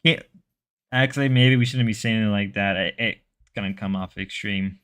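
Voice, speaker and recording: A man with a fairly low, slightly bright and clean-toned voice talks at a moderate pace. Spanish is his first language, and as a livestream host he chats jokily and casually with viewers, rambling and sliding into mock voices.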